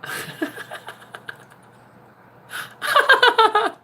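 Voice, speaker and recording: A woman's voice: very high-pitched, drawn-out words, pushed and bright. An American woman, a spiritual manifestation coach, talking brashly and profanely in a casual livestream.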